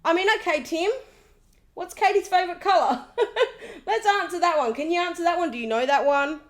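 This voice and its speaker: A woman recapping a reality TV episode in an animated, sarcastic, gossipy way, often mimicking the people she talks about. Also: very high-pitched, brisk.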